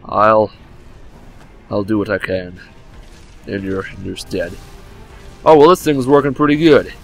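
A young man commenting on a game he is playing at home, joking and switching between mock drama and sudden yelps, sometimes leaning back from his desk microphone. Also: medium pitch. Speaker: gameplay commentator. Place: home room by a game console. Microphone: desk microphone, leaning back from it now and then.

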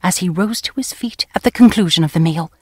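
A woman narrating a novel in the first person, with a crisp, wry storytelling manner. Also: on the low side, brisk, no echo, clean studio sound. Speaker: audiobook narrator.

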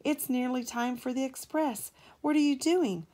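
A woman's voice: high-pitched, normal speed, mellow, voice pushed up. A pompous, boastful big steam engine from a children's storybook, talking down to the younger engines, as a mother reading aloud puts him on. He speaks in a raised, lofty, self-satisfied tone. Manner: pompous, patronising.

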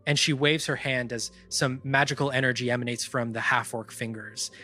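A man narrating a tabletop game as game master, describing scenes in a measured way with fillers. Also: mid-range voice, steady tone, pushed and bright, faint music behind.

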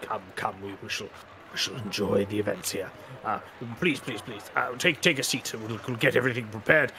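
A man doing a high, gushing showman. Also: huge pitch swings, normal speed, noisy background. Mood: effusive. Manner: effusive, gushing, repeats his pleas. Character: fawning older male freak-show showman. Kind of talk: tabletop game character voice.

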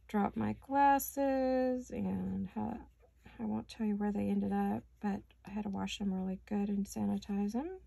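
Woman, gravelly voice, hiccuping, casual crafting chatter, muttering to herself, home studio. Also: mid-range voice, steady tone, normal speed, warm tone, dry recording. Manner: chatty, talks to herself while working. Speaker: crafting channel host.

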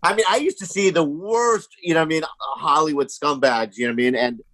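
A man's voice: a little high, a little fast, fairly bright tone, no echo. A man guest on a comedy podcast, telling rambling stories in casual chat and saying "you know what I mean" often.

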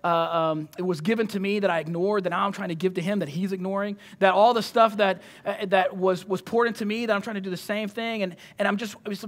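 A man with a high-pitched voice delivers a sermon in a loose, chatty manner. He talks animatedly and often stops and restarts his sentences. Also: brisk, hardly any pauses. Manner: animated, conversational, many restarts. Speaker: preacher.

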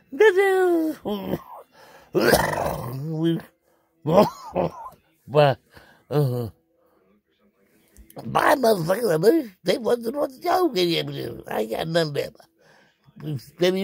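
A breathless man rambles through a crude, joking vlog, his voice deeply raspy and gravelly. He swings widely up and down in pitch as he laughs between lines. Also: darkish tone, no room sound. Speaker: vlogger. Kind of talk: rambling comic monologue.

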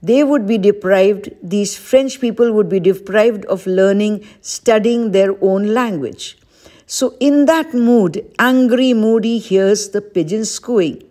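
A woman's voice: mid-range voice, slow, dark tone. A woman teacher giving an exam-prep lesson, patiently repeating each question aloud as she explains it. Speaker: English teacher.

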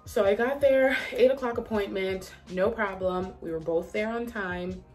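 A woman telling a story in a casual vlog, chatty and animated, leaning on "like" a lot. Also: mid-range voice, normal speed, soft background music. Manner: chatty, animated, heavy use of "like". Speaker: vlogger.

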